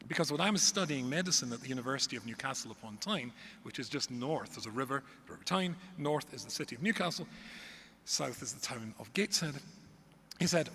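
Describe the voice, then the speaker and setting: Addressing a live audience in a large hall, a middle-aged rabbi from Scotland spins stories at a brisk clip in a medium-pitched voice. He is lively and leans on comic exaggeration, while the recording is echoey with a faint ambient background.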